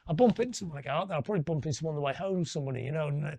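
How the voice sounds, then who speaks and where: Fast-talking gravelly man. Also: on the high side, expressive, mellow, dry recording. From northwest England. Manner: rambling anecdotal storytelling, tag questions. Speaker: interview guest. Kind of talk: live on-stage interview chat.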